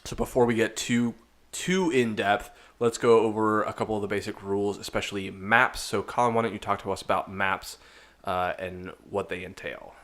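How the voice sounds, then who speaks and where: A man hosting a casual esports chat, relaxed and chatty with lots of fillers. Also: lowish voice, normal speed. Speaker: podcast host.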